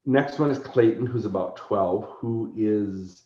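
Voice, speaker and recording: Animated storytelling man, roomy sound. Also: fairly low pitch, a little slow. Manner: animated storyteller who acts out characters. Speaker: convention organizer and guest. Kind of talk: casual podcast interview. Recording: roomy, slightly dull recording.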